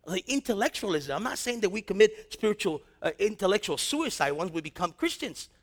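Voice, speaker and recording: A male pastor preaching a sermon, reading scripture and breaking into lively, slangy asides and acted-out dialogue. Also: high-pitched, a little fast.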